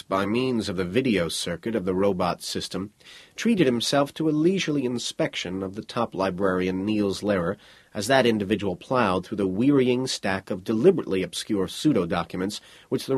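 A man with a low, slightly husky voice narrates a science fiction story in a measured, steady reading. The sound is dry and close, with no room around it. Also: dry recording. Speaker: audiobook narrator.

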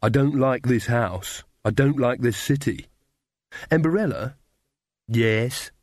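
A timid young witch woman, soft and hesitant yet earnest, as a male narrator puts her on. The voice sits a little higher than his own and sounds dry and close. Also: animated, slow pace, no room sound. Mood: firm.

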